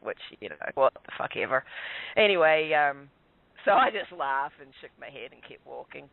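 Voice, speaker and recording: Calling in as a guest, a man rambles through a long personal story at normal speed, mocking himself and chuckling often. His voice is a bit higher than most men's, completely dry with no echo, and comes through a thin, tinny phone line.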